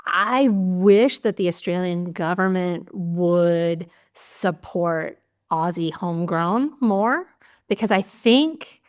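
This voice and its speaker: A woman hosting a podcast, telling stories in a candid, animated way and swearing casually. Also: lowish voice, takes it slowly. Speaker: podcast host. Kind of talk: casual conversational interview.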